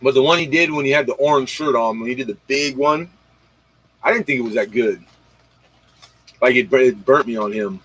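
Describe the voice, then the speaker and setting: A man with a medium-pitched, fairly bright voice and a breathy edge talks fairly quickly but leaves long pauses. Hosting a casual late-night livestream, he rambles in slang, talks straight to viewers and retells comedy bits. The poor audio has no room sound.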